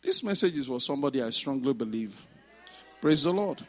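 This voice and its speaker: A man preaching a sermon, emphatic, moving between shouted exhortations and quiet asides. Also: medium pitch, lively intonation, brisk.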